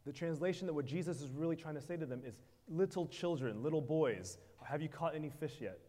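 A man with a fairly high voice preaches a sermon, delivering it in short, clipped phrases with pauses left for an interpreter. His voice rings out into a long hall reverb. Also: animated, mellow.

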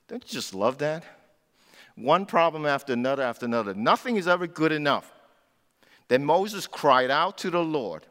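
Animated man preaching in a reverberant hall. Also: on the high side, normal speed. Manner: animated storytelling, acts out quoted voices. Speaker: pastor. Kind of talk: sermon.

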